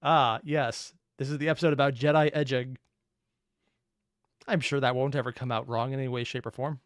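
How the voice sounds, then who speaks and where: A man's voice: medium pitch, steady tone, a little fast, dry recording, studio quality. A man hosting a reaction video, making casual commentary full of sarcastic, joking asides. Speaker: reaction channel host.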